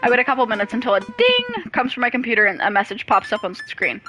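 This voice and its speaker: A woman's voice: on the high side, lively intonation, quick pace, over music, poor audio. A woman doing let's-play commentary, narrating a game and reading the text aloud, with playful, giggly asides. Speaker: gamer.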